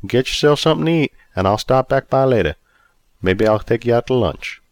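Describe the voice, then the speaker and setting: A man's voice: medium pitch, animated, a little fast, no echo, pitched above the performer's own voice, close to an everyday voice. A man voicing a kind, caring friend who speaks with concern in a storybook reading. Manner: warm-hearted, concerned.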